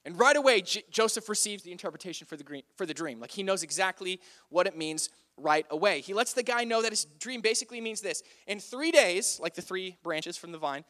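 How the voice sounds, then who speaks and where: A young man with a fairly high voice retells a Bible story as casual chat. He keeps it playful and conversational and fills it with "like" and "right?". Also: expressive, a little fast, few pauses, sharp tone. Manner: chatty, playful, often says "like".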